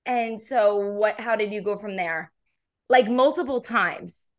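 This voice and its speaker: A young woman hosting a casual podcast chat, giggly and animated, swearing freely. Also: medium pitch, a little slow. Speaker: podcast host.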